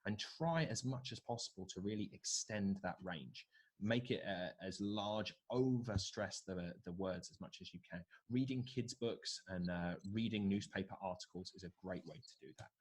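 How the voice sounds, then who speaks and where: Man, deep voice, husky, presentation skills trainer, live online workshop, video call mic. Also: moderate pace. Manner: coaching, reads out participant answers.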